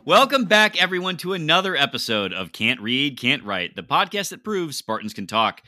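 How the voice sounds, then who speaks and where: A young man hosting a casual sports podcast, upbeat and quick with announcer-like delivery. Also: mid-range voice, big pitch swings, pushed and bright, no room sound, clean studio sound, faint music behind. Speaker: podcast host.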